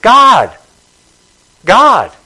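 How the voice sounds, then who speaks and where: A man preaching a sermon with passion, dropping to a hush and then rising to call out to the congregation. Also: extremely high pitch, huge pitch swings, extremely slow, poor audio. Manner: passionate, swings between hushed and loud, calls out to congregation.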